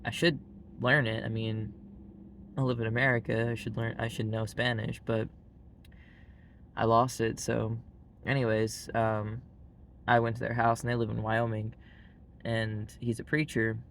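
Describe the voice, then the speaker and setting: Flat-voiced Southern man, blunt and rambly. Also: mid-range voice, unhurried, long pauses, slight background noise. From Arkansas, US. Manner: blunt and frank, heavy use of "like" fillers. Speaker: vlogger. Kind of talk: casual monologue to camera.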